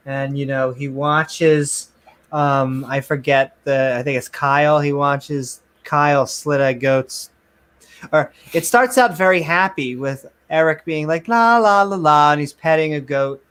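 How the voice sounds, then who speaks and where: A man co-hosting a casual podcast chat, telling stories in an animated way and laughing often. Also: on the high side, measured pace, smooth. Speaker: podcast co-host.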